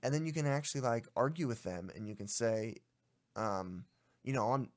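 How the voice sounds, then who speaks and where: A man's voice: medium pitch, animated, normal speed. A young adult man co-hosting a casual podcast, telling a story in an exasperated, ranting way. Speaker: podcast co-host.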